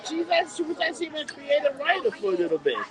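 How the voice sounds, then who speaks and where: A man's voice: very high voice, sing-song, very fast, rough recording. A man co-hosting a podcast in casual chat, loose and opinionated, saying "dude" a lot. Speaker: podcast co-host.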